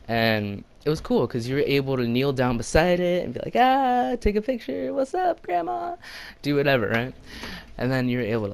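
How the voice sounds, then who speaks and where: A young man telling an impromptu story in a casual, rambling way, laughing often and putting on voices for quotes. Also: mid-range voice. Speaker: gaming channel host telling a story.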